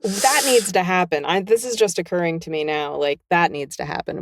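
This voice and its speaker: A woman's voice: fairly low pitch, moderate pace, no echo, clean studio sound. A middle-aged woman, a guest narrator and novelist, telling stories in a candid podcast chat and acting out the quotes. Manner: animated storyteller who acts out quotes.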